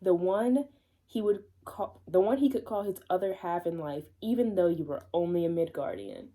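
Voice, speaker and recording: A woman reading the lines of a devoted, formal god-warrior man, slow and old-fashioned in manner. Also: lowish voice, dark tone, lightly acted. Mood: earnest devoted.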